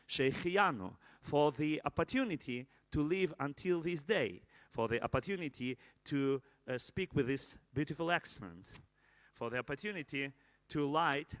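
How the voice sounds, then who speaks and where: A man with an Israeli accent leading a candle-lighting prayer at a live celebration, halting with many fillers and joking asides to the crowd. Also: on the high side, fairly bright tone, dry recording.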